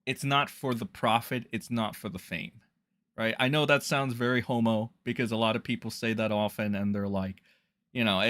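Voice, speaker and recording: A young man hosting a livestream, talking in a rambling, crude, animated way with many fillers. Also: mid-range voice. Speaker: streamer host. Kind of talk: casual profane livestream commentary.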